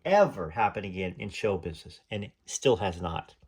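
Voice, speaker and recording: A man hosting his own show, reading a story aloud from a book in a steady storytelling delivery. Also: deep voice, normal speed, husky. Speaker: host.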